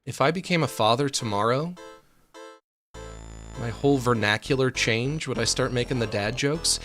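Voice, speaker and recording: A man rambling excitedly in casual commentary while streaming a video game. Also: medium pitch, normal speed, soft background music. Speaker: gaming streamer. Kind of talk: casual live gameplay commentary.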